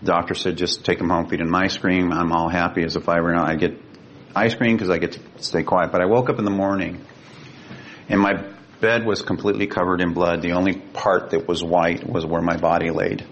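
An older man from California, a guest telling a personal story in an earnest, emotional way and slowing down for quoted speech. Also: little pitch movement. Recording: dull lo-fi sound with faint rumble.

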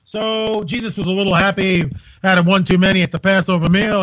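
High-voiced, joking male radio host. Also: a little fast, rough recording. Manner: joking, animated, with frequent restarts. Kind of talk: casual live radio talk. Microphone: studio microphone on a live radio broadcast.

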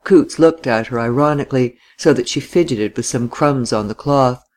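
Audiobook narrator, steady measured reading, mid pitch. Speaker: audiobook reader. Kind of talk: scripted narration.

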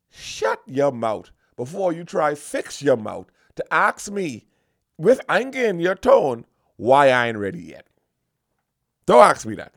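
Brief: emphatic mock-preacher man, high voice with gravelly fry, dry close sound. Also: no echo. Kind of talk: comic lecturing monologue.

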